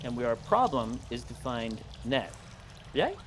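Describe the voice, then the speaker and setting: A man's voice: medium pitch, sing-song, measured pace, fairly bright tone, slight background noise. A man playing a tabletop game, talking casually and questioning the others in a cautious way. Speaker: player.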